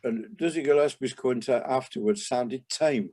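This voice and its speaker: An older man, a jazz trumpeter, reminiscing in a relaxed interview, rambling with many restarts and asides. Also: mid-range voice, moderate pace. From England.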